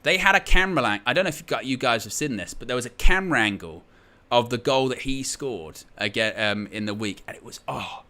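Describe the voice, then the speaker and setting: A man hosts a live football stream and talks casually to his chat. His voice is bright and forceful, and he rambles in a jokey, sarcastic way. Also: medium pitch, expressive, fairly quick, hardly any pauses. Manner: chatty, rambling, jokey and sarcastic, often laughing.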